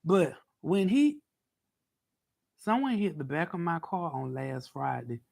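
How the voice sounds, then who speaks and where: A man telling a story in a casual vlog, animated and dramatic, acting out the scene. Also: fairly high pitch, slow, gravelly. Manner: animated, dramatic, acts out scenes with cries and shouts. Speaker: vlogger. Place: parked car.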